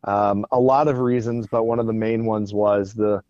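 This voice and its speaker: A man's voice: lowish voice, fairly even intonation, normal speed, darkish tone, no echo. A man who is a guest on a podcast, telling stories in an earnest way and often repeating words, on a dull lo-fi recording. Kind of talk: casual podcast interview.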